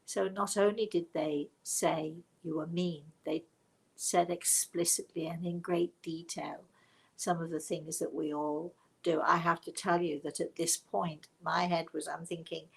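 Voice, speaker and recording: A woman's voice: lowish voice, little pitch movement, measured pace, gravelly, breathy edge, poor audio. A British woman, a spiritual medium, telling stories to a livestream audience in a reflective, self-mocking way. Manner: reflective and warm storytelling, with self-mocking laughs. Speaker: spiritual medium hosting a live show.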